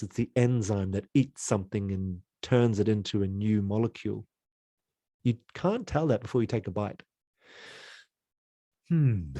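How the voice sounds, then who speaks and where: A man's voice: on the low side, warm tone, no echo. A man teaching an online creativity lesson in a playful, exploratory way, jumping into sounds and voices.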